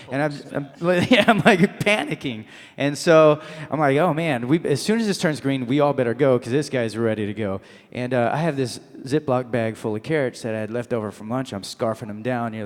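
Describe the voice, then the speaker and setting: A man's voice: medium pitch, long reverb tail. A man telling a comic anecdote as a guest on a convention panel, acting out voices and laughing as he goes. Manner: animated storyteller, acts out voices, laughs mid-story. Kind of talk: comic anecdote to a live audience.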